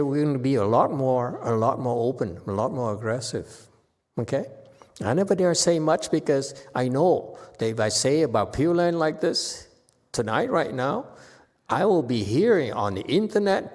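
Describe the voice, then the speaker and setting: Man, Buddhist teacher, Dharma talk, emphatic, forceful exhortations, long hall reverb. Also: medium pitch, animated, moderate pace.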